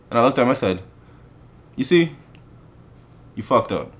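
Animated man telling a story. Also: sits low, moderate pace, long pauses. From Canada. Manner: animated storyteller, acts out quoted voices. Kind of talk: casual storytelling chat.

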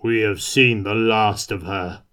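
A man voicing a brutish, beast-changed male warrior with a deep, gruff, growling voice. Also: a bit bright. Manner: growling, slow.

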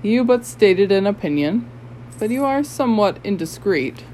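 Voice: mid-range voice, animated, normal speed, darkish tone, a little hiss or hum, voice pushed up, lightly acted, low-quality recording. An audiobook narrator voicing a sly young male rogue with a bland, purring, insinuating manner. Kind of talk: audiobook character voice.

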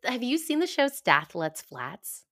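A woman, a podcast guest chatting in an animated, giggly, self-deprecating way. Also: fairly high pitch, unhurried. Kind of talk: casual conversation.

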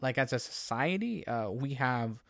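A man's voice: mid-range voice, expressive, a little slow, creaky, fairly bright tone, no room sound, studio quality. A man from Canada chatting casually as a co-host, easygoing and hesitant with many fillers. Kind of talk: casual chat.

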